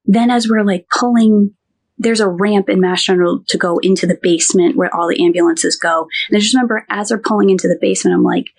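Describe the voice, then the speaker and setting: A woman's voice: mid-range voice, fairly even intonation, fast, husky. A woman who works as a nurse, telling a personal story in a podcast interview in a chatty way, full of "like" and "he goes".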